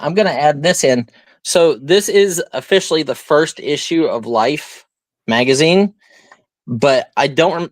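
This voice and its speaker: A male auction host on a live online stream chats and rambles, walking through each item as he presents it. His pitch is fairly high, and there is no room sound.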